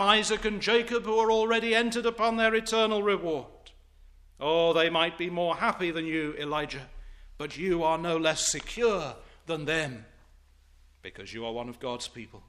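Bright-voiced male preacher, rhetorical. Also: on the high side. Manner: expository, rhetorical questions, old-fashioned phrasing. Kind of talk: sermon.

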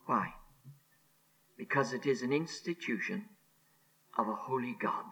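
A man preaching a sermon on scripture, emphatic and deliberate, repeating key phrases and sinking to a hushed near-whisper on solemn words. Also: medium pitch, lively intonation, low-quality recording. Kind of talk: expository sermon.

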